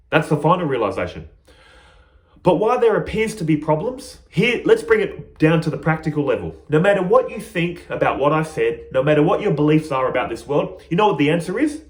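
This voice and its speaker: A man teaching spiritual ideas through an emphatic, animated parable. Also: a little high, a little fast. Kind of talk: storytelling teaching talk. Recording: roomy echo.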